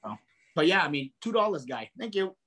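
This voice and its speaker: Animated storytelling man, a bit high. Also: fairly quick. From New England, US. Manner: animated storyteller, acts out dialogue. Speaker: podcast co-host. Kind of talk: casual chat.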